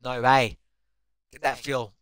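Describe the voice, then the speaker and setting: A man's voice: mid-range voice, slow pace, clean tone, dry recording. Young male gamer, heated, foul-mouthed live play-by-play, dry close mic, mid-range voice. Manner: excitable, swears constantly, shouts at teammates. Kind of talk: live gameplay commentary.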